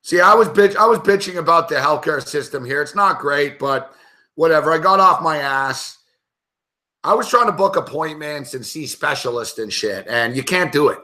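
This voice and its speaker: A man's voice: a little high, normal speed. A young man telling a rambling story on a chat show, swearing constantly as he talks. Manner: rambling, animated anecdote telling. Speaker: show panelist.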